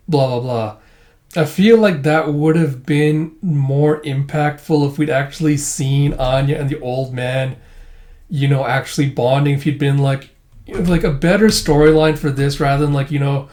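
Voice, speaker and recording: A man's voice: on the high side, fairly even intonation, moderate pace, darkish tone. Rambling young man reviewing a comic. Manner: rambling, lots of fillers, unimpressed. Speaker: manga reviewer. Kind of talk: casual chapter recap and review.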